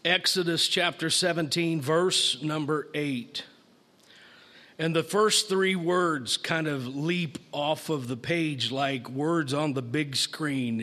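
A man preaching a sermon and reading scripture aloud, slow and emphatic, rising in force on key verses. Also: on the high side, sharp tone. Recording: long reverb of a large hall.

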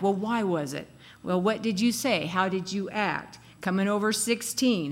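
A woman's voice: mid-range voice, normal speed, a little hiss or hum. A woman giving a casual sermon, chatty and laughing, acting out little quoted lines as she goes. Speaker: speaker giving a devotional talk.

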